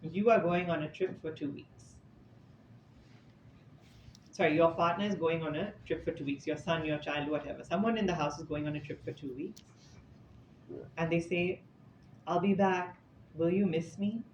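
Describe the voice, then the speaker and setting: A man's voice: fairly high pitch, moderate pace, long pauses. A man giving an informal scripture talk, telling stories in a chatty, conversational way with casual asides. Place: indoor talk room with an audience. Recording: echoey, slightly dull room recording with faint noise.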